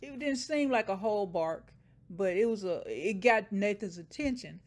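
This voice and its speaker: A woman's voice: mid-range voice, lively intonation, normal speed, background noise. A woman casually retelling a TV episode scene by scene, briefly voicing the characters' lines. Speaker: show recapper.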